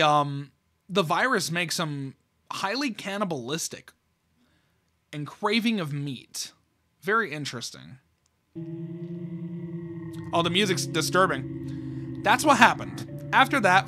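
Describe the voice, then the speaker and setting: A man with a high voice reads a horror comic aloud and drops casual reactions between the lines. Steady music plays under him throughout. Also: unhurried, long pauses. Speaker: YouTuber.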